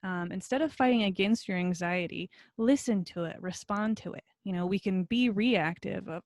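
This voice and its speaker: A woman's voice: mid-range voice, normal speed, hardly any pauses, no echo, studio quality. Encouraging woman teaching a recorded lesson. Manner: friendly, encouraging, with many fillers. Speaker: college instructor. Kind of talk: recorded video lecture.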